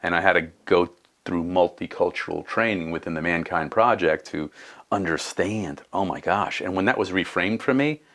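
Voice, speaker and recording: A man's voice: sits low, normal speed, a bit bright. A man in his fifties talking earnestly in a casual conversation, thinking aloud and restarting his sentences. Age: 50s.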